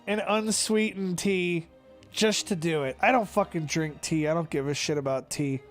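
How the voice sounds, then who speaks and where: A man from Kansas telling stories in a casual chat, swearing constantly and animated. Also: fairly high pitch, moderate pace, faint music behind. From Kansas, USA.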